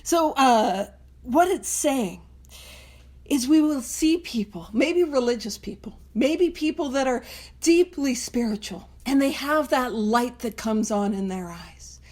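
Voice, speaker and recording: A woman's voice: sits high, animated, slow pace, darkish tone. A woman hosting a recovery reading study in a casual, earnest way, laughing often and acting out inner voices. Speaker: podcast host leading a Big Book study.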